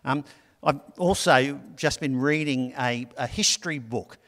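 A middle-aged man gives a sermon in a relaxed, storytelling manner with small asides. His voice is mid-pitched. A long reverb fills the church. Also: measured pace. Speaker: pastor.

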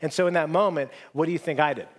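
A man preaching a sermon in a conversational, self-deprecating way, acting out quoted lines in hushed voices. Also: fairly high pitch, quick pace. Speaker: pastor. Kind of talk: sermon with personal stories.

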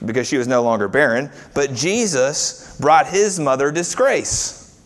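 Male pastor, mid pitch, chatty preaching style that leans on questions to the congregation. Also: lively intonation, measured pace. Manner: conversational preaching with rhetorical questions. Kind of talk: sermon.

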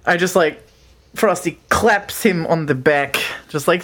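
A woman's voice: lowish voice, unhurried. A woman playing a tabletop game, giggling as she describes what her character does. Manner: giggly, animated. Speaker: player. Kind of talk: casual tabletop play narration.

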